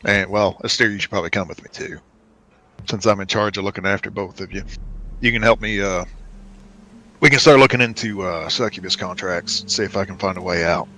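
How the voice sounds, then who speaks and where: A man talking casually as a player in an online tabletop game, rambling with halting restarts. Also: sits low, sharp tone, a little hiss or hum.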